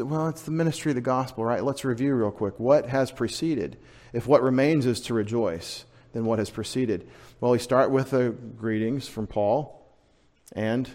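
A man's voice: medium pitch, darkish tone. A man preaching a sermon as pastor, conversational and emphatic, often asking the congregation questions.

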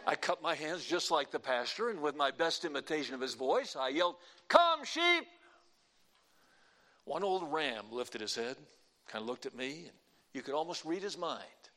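A male pastor preaching a sermon, telling a folksy story and then preaching slowly and emphatically with deliberate pauses. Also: mid-range voice, bright, forceful tone. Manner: folksy anecdotal delivery.

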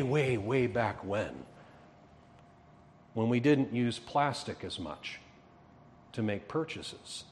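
A man preaching a sermon in a church, emphatic and then dropping to quiet asides. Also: a little high. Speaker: pastor.

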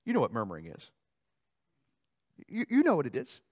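A male pastor preaching a sermon in a church, animated, swinging between loud dramatic outbursts and quiet asides. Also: mid-range voice, moderate pace, muffled recording. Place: church sanctuary.

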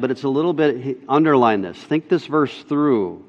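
A man's voice: medium pitch, normal speed, few pauses, muffled recording. Emphatic preacher, man, echoing hall. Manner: emphatic, repeats key lines for emphasis. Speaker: pastor. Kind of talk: sermon. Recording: long reverb of a large hall.

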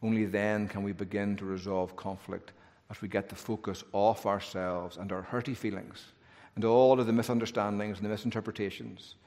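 A male pastor preaching a sermon earnestly, building to emphatic peaks and dropping to a hush in prayer. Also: on the low side, flat delivery, moderate pace, few pauses. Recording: long reverb of a large hall.

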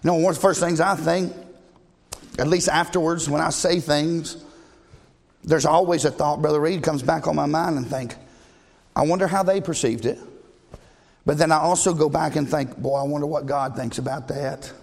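A man's voice: a little high, fairly even intonation, moderate pace, gravelly, a little mellow, long reverb tail. A man preaching a sermon in an emphatic, conversational way, often asking the congregation questions.

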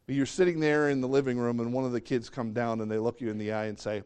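A middle-aged male pastor preaching a sermon in an animated way, often acting out the voices of the people he quotes. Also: medium pitch, quick pace, hardly any pauses.

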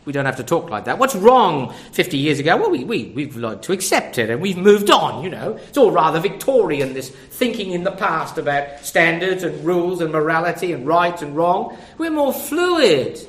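A man's voice: on the high side, expressive, moderate pace, hardly any pauses. An older man preaching a sermon, conversational and full of rhetorical questions.

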